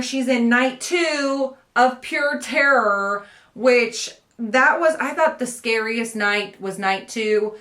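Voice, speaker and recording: A woman's voice: a little high, reverberant. Chatty woman reviewing a book. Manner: chatty and animated, laughs often. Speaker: book vlogger. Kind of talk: casual book review chat.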